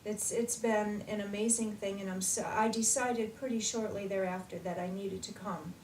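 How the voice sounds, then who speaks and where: A woman telling her personal story in an excited, animated way, recorded as an interviewee. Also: mid-range voice, moderate pace, reverberant, distant mic, slight background noise, low-quality recording.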